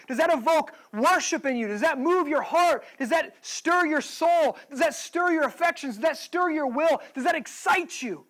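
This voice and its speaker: A man's voice: very high-pitched, a bit bright, rough recording. A male pastor preaching a sermon, pressing the listeners with emphatic rhetorical questions.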